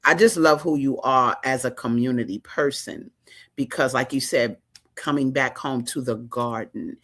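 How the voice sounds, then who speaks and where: Exuberant slangy woman hosting. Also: extremely low pitch. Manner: exuberant, slangy, talks fast in bursts. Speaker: talk show host. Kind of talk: lively interview chat.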